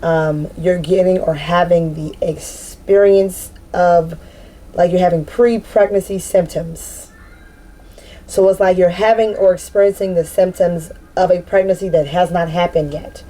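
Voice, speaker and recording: A woman giving a casual spiritual card reading to her viewers, rambling, excitable and full of slang, breaking into loud laughter. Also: on the low side, rough recording. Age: adult with a daughter. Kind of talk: casual tarot-style collective reading.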